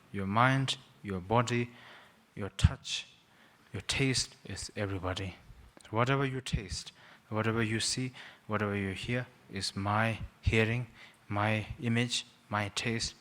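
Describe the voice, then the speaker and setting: Man rambling through a gentle teaching talk. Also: on the low side, slow. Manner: rambling, self-mocking, with frequent "sort of" and hesitations. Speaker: Buddhist teacher, guest speaker. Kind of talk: informal teaching talk to young people.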